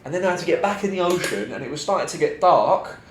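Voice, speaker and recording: A young man, a podcast host telling a story casually, animated and full of swearing and slang. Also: on the high side, quick pace. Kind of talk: casual chat. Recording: roomy echo, faint background noise.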